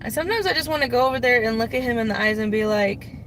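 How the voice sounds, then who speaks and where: A woman's voice: on the high side, expressive, rapid-fire, fairly bright tone. A woman from Mississippi, vlogging in casual talk, blunt and candid with some swearing. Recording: car interior road noise.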